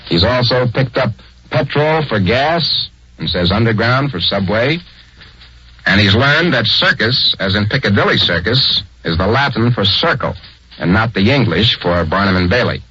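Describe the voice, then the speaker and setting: A man's voice: lowish voice, animated, normal speed, sharp tone, husky. A man narrating a 1940s radio program in a conversational, explanatory way, on a dull old recording.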